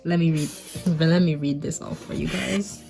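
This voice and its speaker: A woman's voice: sits low, fairly even intonation, normal speed, gravelly, mellow, faint music behind. A young woman casually commenting on her old comic, laid-back, full of "like" and "I guess".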